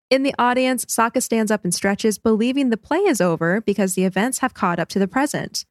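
A woman co-hosting a podcast, recapping an episode in a brisk, cheerful way. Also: fairly high pitch, no room sound, clean studio sound. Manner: brisk recap, laughs easily. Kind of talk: casual chat and episode recap.

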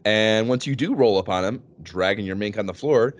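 A man co-hosting a casual gaming podcast, animated and laughing often as he tells stories. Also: fairly low pitch, normal speed. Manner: animated, laughing, swearing freely. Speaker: podcast co-host.

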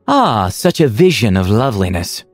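A man's voice: fairly low pitch, big pitch swings, normal speed, no room sound, faint music behind. A man voicing a flamboyant, flirtatious rich male merchant in a theatrical, playful manner.

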